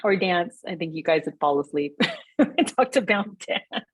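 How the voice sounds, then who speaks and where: A woman's voice: lowish voice, animated, moderate pace, husky, no echo, rough recording. A woman chatting on a video call, hesitant with many fillers. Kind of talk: casual chat.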